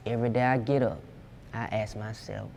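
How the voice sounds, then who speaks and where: A man's voice: on the low side, steady tone, brisk, creaky, darkish tone, slight background noise. A young man from Georgia, a music producer talking casually and profanely in an interview. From Georgia, USA. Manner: laid-back, slangy, profane.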